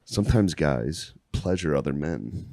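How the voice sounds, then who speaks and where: A man's voice: very deep voice, expressive, measured pace, dark tone, no echo, studio quality. A man co-hosting a comedy podcast, telling school stories in casual chat and laughing through them. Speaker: podcast co-host.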